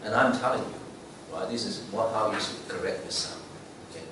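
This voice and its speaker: A man serving as a lay preacher gives a conversational sermon in a church sanctuary, frequently checking in with "okay?" and "right?" His voice is lowish and a little fast. The recording is echoey, the mic far off, with background noise.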